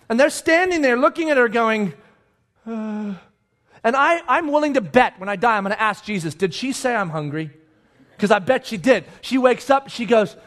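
A middle-aged man preaching a sermon, telling the story animatedly and acting out the people in it, with sudden quiet asides. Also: high-pitched. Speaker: pastor.

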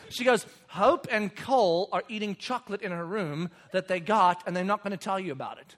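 A man, telling a lively story about his children and acting out voices with loud bursts. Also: very high-pitched, brisk. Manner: animated, acts out kids and himself with loud bursts. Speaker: father and speaker. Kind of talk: storytelling talk.

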